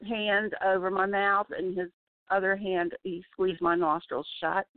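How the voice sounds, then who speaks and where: A woman giving an emotional personal testimony by phone, halting and often restarting her sentences. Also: medium pitch, little pitch movement, no room sound. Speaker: testimony guest. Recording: dry tinny phone line.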